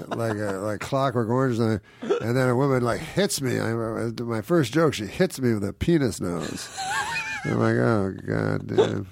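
A man's voice: mid-range voice, expressive, normal speed, vocal fry, darkish tone. A middle-aged man, a guest comedian, telling a rambling, self-mocking anecdote in casual talk and acting out other people's lines.

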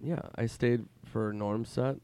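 Male guest comic, mid voice, casual and animated storytelling, lots of swearing. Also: medium pitch, takes it slowly, clean tone. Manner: profane, animated anecdote telling. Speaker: guest comedian.

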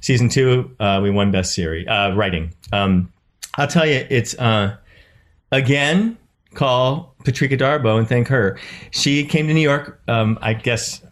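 A man's voice: medium pitch, measured pace. A middle-aged man, an actor and producer, telling stories as an interview guest and acting out the people he quotes. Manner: animated, acts out quoted voices with laughs. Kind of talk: casual interview storytelling.

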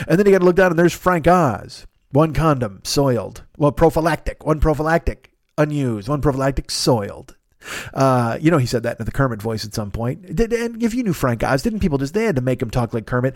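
A man's voice: a little high, no echo, studio quality. A man in his fifties riffing in a rambling, profane comedy monologue, laughing at his own jokes. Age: 50s. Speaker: podcast host.

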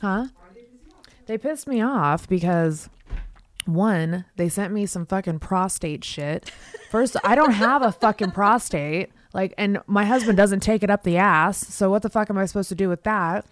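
A woman's voice: mid-range voice, measured pace. A young woman hosting a podcast, chatting casually, swearing a lot and laughing often, and reading ads. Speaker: podcast host. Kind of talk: casual podcast chat and read ad.

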